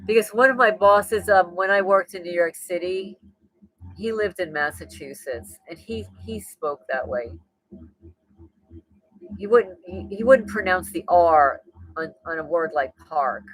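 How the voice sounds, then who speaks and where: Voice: mid-range voice, measured pace, fairly bright tone, low-quality recording. A live-stream host chatting casually and greeting viewers by name as they come in. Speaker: livestream host.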